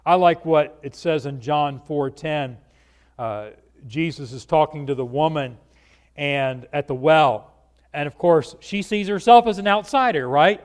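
An earnest male preacher delivering a conversational sermon with a slightly raised pitch. He speaks to his listeners directly and keeps throwing rhetorical questions at them. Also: a little slow.

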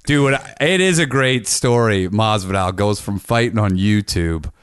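A man's voice: lowish voice, unhurried, fairly bright tone, clear, resonant tone, no room sound, clean studio sound. A man in casual podcast banter, laid-back and swearing often.

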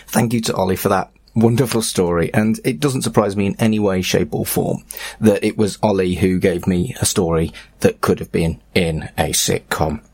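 A man's voice: low voice, moderate pace, a little mellow, breathy edge, no room sound, soft background music. A man hosting a podcast, casually thanking guests and introducing the next story. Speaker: podcast host.

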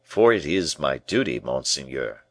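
A man's voice: rumbling low, big pitch swings, no echo, voice pushed down, heavily acted. Man voicing a grave, guarded bishop. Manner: slow, grave, measured replies.

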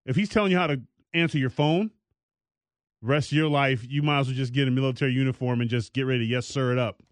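A man co-hosting a casual talk show, telling stories in an animated way and slipping into high mock voices. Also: fast talker, no room sound. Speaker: podcast co-host. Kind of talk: casual chat.

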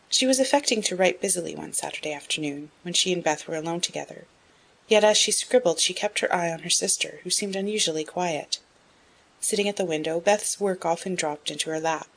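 Woman narrating a classic novel, low voice. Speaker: audiobook narrator. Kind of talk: scripted narration.

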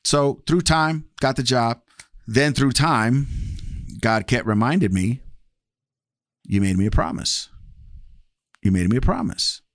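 A man's voice: medium pitch, animated, unhurried, long pauses, no echo, clean studio sound. A man telling his personal testimony in a casual, candid way, acting out past conversations with shifting voices. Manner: candid, acts out past dialogue with varied voices. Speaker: guest sharing testimony.

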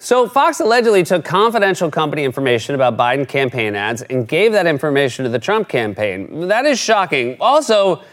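Comedy host guy, sarcastic monologue, kinda high voice. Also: big pitch swings, a little fast, hardly any pauses, a bit bright. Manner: wry, sarcastic. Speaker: late-night comedy host. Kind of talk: scripted comic monologue.

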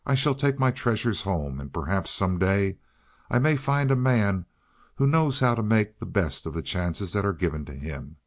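A man's voice: sits low, very animated, moderate pace. A man voicing a stern, knowing old holy man in a storybook reading, with a commanding, dry manner.

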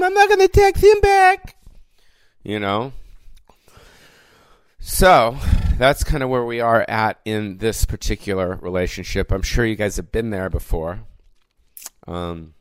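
A man's voice: on the low side, no room sound. Rambling, foul-mouthed male podcast host. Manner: rambling, profane, lots of fillers. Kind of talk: casual solo rant. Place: recorded alone without producers.

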